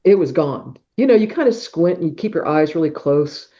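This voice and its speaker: Middle-aged woman, mellow voice, animated storyteller. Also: deep voice, fairly quick. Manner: animated storyteller who acts out sounds like whooshes and claps. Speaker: podcast guest. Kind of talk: personal storytelling in an interview. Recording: dull, muffled podcast audio.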